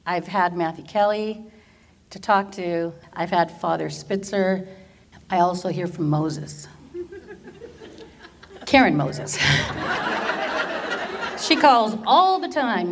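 Woman, middle-aged, faith testimony, animated storyteller, laughs often, middle pitch. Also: slight background noise. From Orange County, California. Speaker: teacher and church worker.

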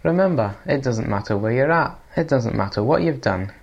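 A man's voice: medium pitch, lively intonation, moderate pace, vocal fry, breathy edge, muffled recording. A man from England reading a podcast promo in a put-on Scottish accent. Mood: earnest.

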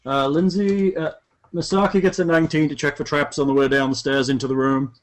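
A man, playing in a tabletop game, chatting in an amused, halting way with many restarts. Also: on the high side, fairly even intonation. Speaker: player. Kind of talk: casual tabletop game play.

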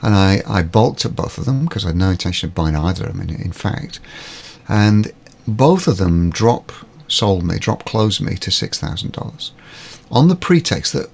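Man, from Britain, podcast guest, gravelly and husky, lively pitch, stammering restarts. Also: normal speed. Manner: animated, stammers and repeats words when starting. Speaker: guest, business coach. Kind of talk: podcast conversation.

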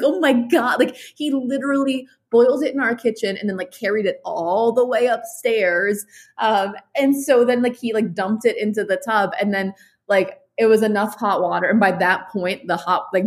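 A woman co-hosting a casual podcast, talking in a lively way. She swears freely and keeps dropping "like" and "um" into her sentences. Her voice sits at an ordinary middle pitch for a woman. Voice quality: animated, swears freely, many fillers.

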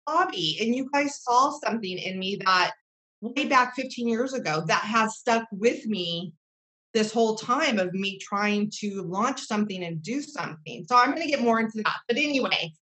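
A woman's voice: fairly high pitch, animated, normal speed, sharp tone, low-quality recording. A woman in her thirties, a podcast guest, telling earnest personal stories in a rambling way, with many fillers and restarts. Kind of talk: heartfelt casual storytelling.

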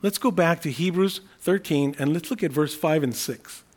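A man preaching a sermon in an earnest, unscripted way, often restarting phrases and repeating key words slowly for emphasis. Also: on the high side. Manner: earnest, thinking aloud with frequent restarts. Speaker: pastor.

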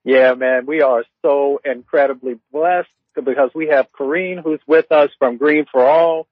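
A man's voice: mid-range voice, fairly even intonation, a little slow, no room sound, muffled recording. A man co-hosting a talk show, introducing guests with enthusiastic praise. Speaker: co-host.

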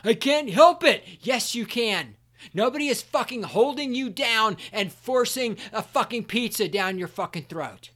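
A man hosting a solo podcast, ranting angrily with constant swearing and sometimes shouting. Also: high voice, lively intonation, a little slow. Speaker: podcast host.

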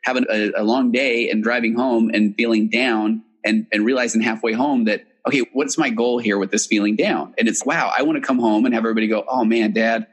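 A man's voice: medium pitch, fairly even intonation, fairly quick, hardly any pauses, breathy edge. A man hosting an interview podcast, who talks with enthusiasm and asks long, rambling questions. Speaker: podcast host. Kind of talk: conversational interview.

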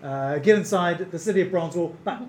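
Guy running a live d&d game, slightly high voice, lots of ums, roomy echo. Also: fairly quick, darkish tone. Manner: hesitant, full of fillers, amused. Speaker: game master. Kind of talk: live tabletop game narration. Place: stage in front of a live audience.

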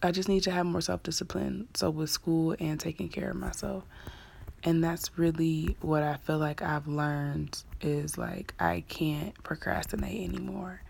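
A young woman in her twenties hosts a solo podcast in a relaxed, candid way. Her voice sits a little low and carries a steady gravelly fry. She leans on fillers and now and then sinks into a soft half-whisper. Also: measured pace, a little hiss or hum. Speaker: podcast host; graduate student. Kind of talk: casual solo podcast chat.

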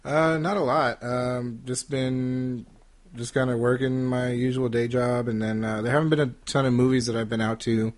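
A man's voice: mid-range voice, flat delivery. Hesitant male podcast guest. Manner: halting, with many restarts and hedges. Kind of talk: casual chat.

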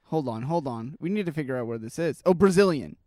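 A man's voice: fairly high pitch, expressive, quick pace, darkish tone, dry recording, clean studio sound. A man co-hosting a casual chat, reacting to news stories in a rambling, talkative way with lots of fillers. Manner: rambling, chatty, trails off and restarts with fillers. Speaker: podcast co-host.

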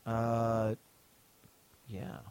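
A man's voice: medium pitch, completely flat delivery, extremely slow, a little mellow, smooth. A man hosting a casual podcast chat, rambling and swearing as he reads listener mail and trails off mid-sentence. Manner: rambling, profane, trails off while reading. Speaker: podcast host.

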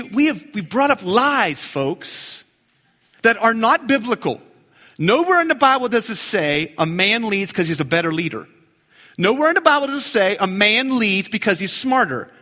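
A middle-aged man preaching a sermon as pastor, animated, with jokes and sudden hushed low passages. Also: big-room sound. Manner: animated, dips into low hushed emphasis and jumps high for jokes.

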